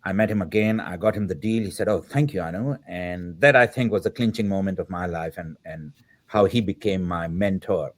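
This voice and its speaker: A middle-aged man with a low voice recounts a story as a podcast guest, animated throughout. He slips into the voices of the people he describes and keeps the tale moving. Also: a little fast. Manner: animated, acts out the dialogue of the people in his story. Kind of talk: storytelling in an interview.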